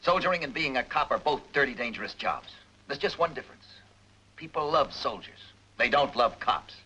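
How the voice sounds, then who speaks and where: A middle-aged actor playing a tough, stubborn police captain who presses hard and talks forcefully. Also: male voice, mid-range voice, lively intonation, breathy edge, muffled recording. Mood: resolute. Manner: forceful, pressing, rapid interrogator.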